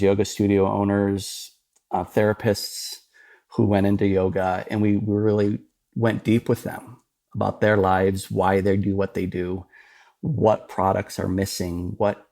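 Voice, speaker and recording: A man's voice: fairly low pitch, mellow. A man from the American Midwest, a podcast guest, talking earnestly and repeating words as he explains. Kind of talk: casual interview talk.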